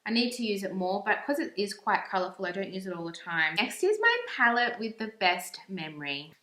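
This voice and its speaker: A young female beauty vlogger gushes casually while reviewing makeup, using "like" as a frequent filler. Her mid-range voice is brisk, pushed, and bright with big pitch swings, recorded in an echoey room.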